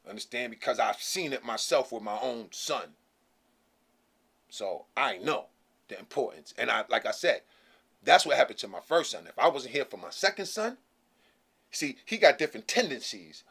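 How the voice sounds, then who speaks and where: Animated ranting man, high voice. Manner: animated, repetitive, laughing asides. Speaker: vlogger. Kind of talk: casual opinion rant.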